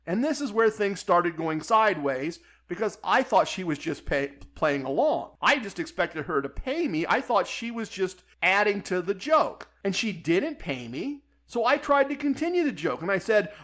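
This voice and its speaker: A man with a high-pitched voice tells a story on his podcast. His delivery is wry and conversational, like he's chatting with a friend. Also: lively intonation, moderate pace, a bit bright. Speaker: podcast host. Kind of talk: first-person storytelling.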